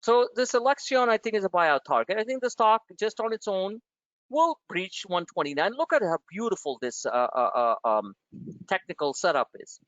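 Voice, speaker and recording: A man's voice: sits high, sing-song, moderate pace, fairly bright tone, no echo, dull audio. A man hosting a trading webinar, blunt and emphatic, firing off rhetorical questions at his listeners.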